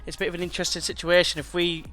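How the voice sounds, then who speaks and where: This let's play gamer is a young man whose voice sits high, with monotone delivery and a bright, forceful tone. He races through his words over soft background music. Chatty and slangy, he calls each play as it happens in his football management game.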